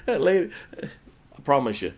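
A man's voice: on the high side, very animated, moderate pace, a little mellow. A male pastor preaching a sermon in church, telling folksy stories and laughing at his own jokes.

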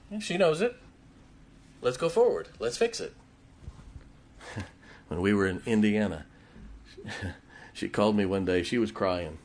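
A man's voice: on the low side, unhurried, long pauses. A man preaching a sermon, telling stories and acting out the voices of the people in them. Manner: animated storytelling, acts out quoted voices. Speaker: pastor.

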